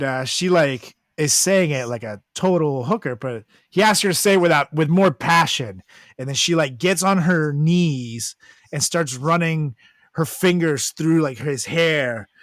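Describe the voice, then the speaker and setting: Crude higher-pitched man telling stories. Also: normal speed, a bit bright, dry recording. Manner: crude, laughing storyteller. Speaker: podcast co-host. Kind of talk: casual podcast chat.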